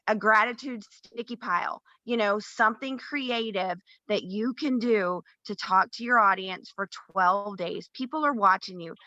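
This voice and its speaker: A woman's voice: medium pitch, pushed and bright, no echo, lo-fi sound. A woman co-hosting a round-table chat, talking in a chatty, encouraging, self-deprecating way. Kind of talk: casual chat.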